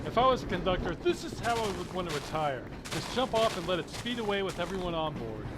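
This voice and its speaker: Brief: male gamer, high and lively voice, deadpan sarcasm with bursts of yelling. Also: quick pace, hardly any pauses, heavy background noise. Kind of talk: let's play commentary. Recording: game gunfire behind voice.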